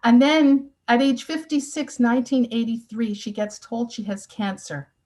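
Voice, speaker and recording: A woman's voice: fairly high pitch, fairly even intonation, normal speed, a little mellow, rough recording. A woman in her sixties gives a personal testimony talk, telling her family's story with earnest, emotional emphasis. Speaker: speaker.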